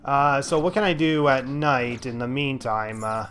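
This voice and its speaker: A man's voice: mid-range voice, fairly even intonation, a little slow, fairly bright tone, soft background music. A man giving casual gameplay commentary as a let's play host, sarcastic and thinking aloud with lots of fillers.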